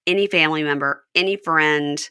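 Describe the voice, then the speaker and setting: A woman's voice: deep voice, pushed and bright, clear, resonant tone, no echo, clean studio sound. A woman hosting a podcast, chatting casually and playfully about reality TV. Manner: conversational, quick asides, playful. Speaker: podcast host.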